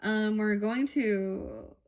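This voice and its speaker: A woman giving a tarot reading, musing aloud and halting with fillers as she reads from a book. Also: medium pitch, darkish tone, clean tone. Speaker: tarot reader.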